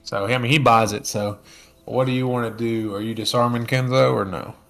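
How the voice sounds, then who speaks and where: Man, game master, casual narration, ums and uhs, average pitch. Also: steady tone, creaky, a bit bright, soft background music. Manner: casual, with many fillers and quick in-character lines.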